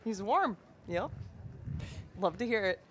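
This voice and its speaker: A woman from California doing baseball color commentary, chatty and quick to laugh. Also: mid-range voice, lively intonation, slight background noise. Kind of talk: casual broadcast banter.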